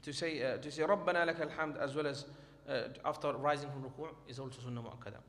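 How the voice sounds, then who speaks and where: A man's voice: mid-range voice, fairly even intonation, racing, a bit bright. A man teaching a class on prayer, explaining each point and reading from a textbook in a reassuring way. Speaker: Islamic studies teacher. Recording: long hall reverb, faint background noise.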